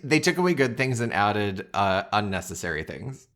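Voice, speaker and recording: A man's voice: on the low side, very animated, normal speed, fairly bright tone. A man co-hosting a podcast, talking casually about a movie with wry, blunt asides. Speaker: podcast co-host.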